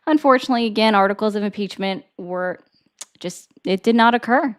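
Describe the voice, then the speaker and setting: A woman's voice: medium pitch, a little fast, clear, resonant tone. A young woman hosting a political call-in debate, blunt and emphatic as she argues her points. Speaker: host.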